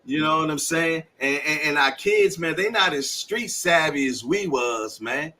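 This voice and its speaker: Animated, bright-voiced man telling stories. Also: a little high, a little slow. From Washington, D.C. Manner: animated storyteller acting out dialogue. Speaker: podcast co-host. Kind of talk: casual chat, storytelling. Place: live stream setup.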